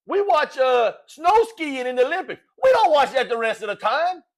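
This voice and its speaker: Cajun sports talk host, high-pitched man, folksy animated rant with rhetorical questions. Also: moderate pace. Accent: Cajun Louisiana. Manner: folksy, animated, rhetorical, says "all right?" often.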